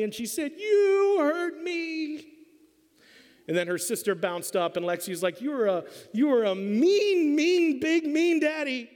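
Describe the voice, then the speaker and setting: A middle-aged man preaches in a church auditorium, telling a comic family story with lively acted-out voices. His voice sits high for a man. Long reverb trails behind his words. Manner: animated storyteller acting out voices. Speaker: pastor. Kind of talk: sermon with a humorous story.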